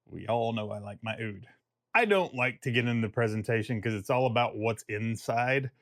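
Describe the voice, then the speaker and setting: A man's voice: medium pitch, normal speed, fairly bright tone, no room sound, studio quality. A man giving a casual fragrance review vlog. He talks in a chatty, rambling way and jokes at his own expense.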